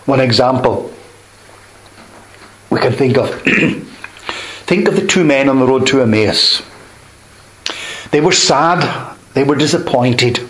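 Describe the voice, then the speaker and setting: A man preaching a sermon, expounding scripture with measured emphasis, dropping softly on key words. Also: mid-range voice, low-quality recording.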